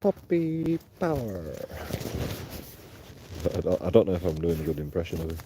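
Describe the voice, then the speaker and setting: A man's voice: very deep voice, flat delivery, very fast, background noise. A man livestreaming while walking outdoors at night, rambling, swearing freely and laughing often. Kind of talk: rambling casual livestream chat.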